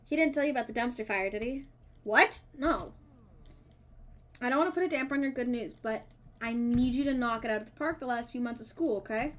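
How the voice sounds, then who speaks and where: A woman streamer reading a dating game's dialogue aloud, with playful asides and quick self-corrections. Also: fairly high pitch, slight background noise. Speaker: streamer playing a dating sim. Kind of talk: reading game text aloud with casual commentary.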